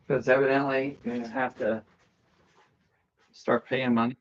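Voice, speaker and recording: A man chats casually during a live game stream, his mid-range voice barely moving in pitch at a moderate pace, with long pauses and the highs cut off. He's playfully over-dramatic, humming little tunes and singing sound effects between lines.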